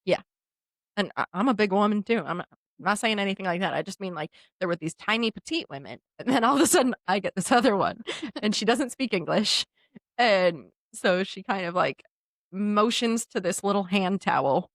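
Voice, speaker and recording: A woman co-hosting a podcast, telling a funny story in a casual, animated way and often laughing. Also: mid-range voice, normal speed, dry recording, studio quality. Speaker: podcast co-host.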